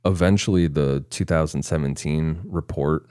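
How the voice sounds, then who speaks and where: A man's voice: rumbling low, normal speed, mellow, smooth, no room sound, clean studio sound. A man co-hosting a casual podcast, reading from research notes and chuckling now and then. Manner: reads notes in long stretches, breaking into chuckles. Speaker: podcast co-host.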